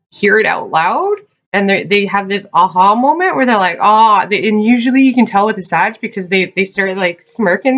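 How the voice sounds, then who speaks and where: A woman's voice: medium pitch, a bit bright. A chatty woman gives a casual tarot reading straight to her viewers, calling them "you guys" and laughing often. Her voice sits in a middle range. The recording is a bit dull and lo-fi. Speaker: tarot reader. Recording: dull lo-fi sound.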